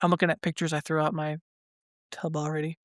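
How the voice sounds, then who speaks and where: A man co-hosting a podcast in casual chat, brisk and joking as he steers the review. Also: on the high side, completely flat delivery, no room sound, clean studio sound. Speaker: podcast co-host.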